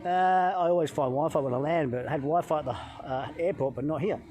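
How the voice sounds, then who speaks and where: A middle-aged man from England, a health coach vlogger telling a travel story in a swearing, animated way, talking into a phone outdoors by a hotel pool. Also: on the high side, fairly quick, slight background noise.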